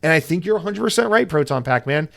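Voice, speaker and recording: A male podcast host delivers a solo rant, swearing freely and pushing his opinions hard. His voice sits a little higher than most men's. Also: fast talker, gravelly. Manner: profane, animated and opinionated.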